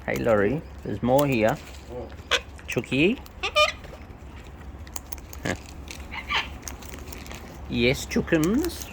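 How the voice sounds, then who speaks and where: Slow, coaxing woman. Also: extremely low pitch, big pitch swings. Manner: coaxing, sing-song baby talk to birds. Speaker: bird feeder vlogger. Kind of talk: casual talk to wild birds. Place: outdoors among wild birds. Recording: outdoor noise with bird sounds.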